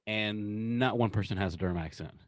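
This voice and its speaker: A man with a mild North Carolina accent co-hosting a podcast, chatting casually in a relaxed, rambling way. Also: on the low side, brisk, no room sound. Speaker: podcast co-host. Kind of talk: casual chat.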